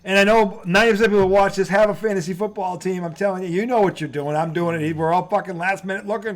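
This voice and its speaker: A man co-hosting a casual sports talk show, animated and profane, often trailing off and restarting. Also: high-pitched, quick pace, few pauses.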